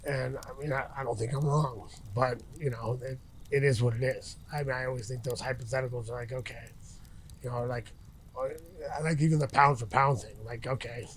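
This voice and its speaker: A man's voice: medium pitch, steady tone, a little fast, a little hiss or hum. Rambling middle-aged man by a campfire. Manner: rambling, many restarts and fillers. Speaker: interview guest, retired fighter. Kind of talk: casual interview by a campfire. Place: outdoors by a campfire.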